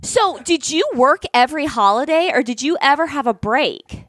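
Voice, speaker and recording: A woman's voice: sits high, lively intonation, normal speed, a bit bright. A woman co-hosting an interview, asking questions and reacting with eager surprise. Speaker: podcast co-host. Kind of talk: casual interview chat.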